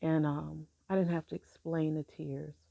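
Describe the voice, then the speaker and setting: A middle-aged woman telling a personal story in a halting, soft-spoken way, with many pauses. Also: low-pitched, level tone, vocal fry, dry recording, dull audio. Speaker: grieving mother sharing her story.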